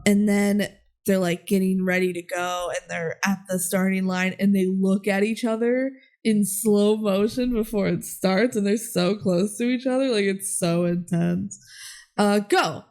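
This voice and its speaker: A woman's voice: mid-range voice, unhurried. A young adult woman co-hosting a podcast who recaps a movie casually and retells the scenes with lots of animation. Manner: animated storyteller, retells scenes with quoted voices. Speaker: podcast co-host.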